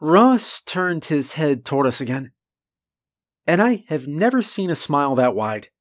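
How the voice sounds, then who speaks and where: Guy telling a horror story real slow, kinda high voice, dry close sound. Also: big pitch swings, dry recording. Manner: deliberate, earnest storytelling with dramatic pauses. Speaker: narrator. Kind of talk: first-person horror story narration.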